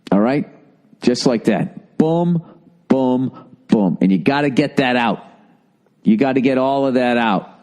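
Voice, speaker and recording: A man's voice: medium pitch, darkish tone. A man hosting a comedy podcast, reading a listener's letter and giving blunt, profane breakup advice in a casual rant. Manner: blunt and profane, lots of swearing; halting, with fillers and restarts before punchlines.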